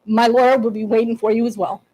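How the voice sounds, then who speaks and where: A woman speaking as a parent in public comment at a board meeting, emotional and indignant, with halting restarts and no written speech. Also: a little high, level tone, mellow, rough recording.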